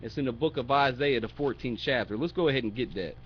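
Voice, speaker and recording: A man with a mid-range voice gives an informal Bible lesson at a quick pace, blunt and mocking, tossing in profane asides. He reads scripture aloud in a raised voice. The audio has its highs cut off and a little hiss or hum.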